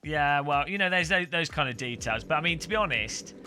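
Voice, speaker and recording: A game streamer with a slightly high voice and lively, brisk delivery chats casually with his live-stream viewers while sim racing, rambling and responding to chat. Loud game music and engine noise fill the background.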